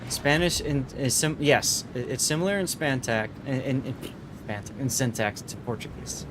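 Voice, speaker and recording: A man's voice: mid-range voice, expressive, normal speed, noisy background. A man streaming a naval battle game, chatting casually with viewers, laughing often and repeating his words.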